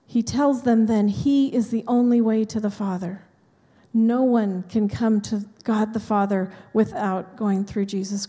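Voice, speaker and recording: Woman pastor, chatty sermon, highish mellow voice, church reverb. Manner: conversational, chatty asides to the congregation. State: dry mouth from allergy medicine. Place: church sanctuary. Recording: long hall reverb in a church.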